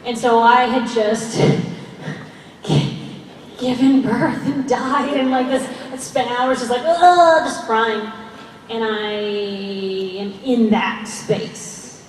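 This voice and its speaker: An actress at a fan convention panel, speaking earnestly and passionately with frequent laughs. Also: female voice, a little high, fairly even intonation, drawn-out words, slight background noise. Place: large convention hall. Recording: echoey hall, voice far off, faint crowd ambience.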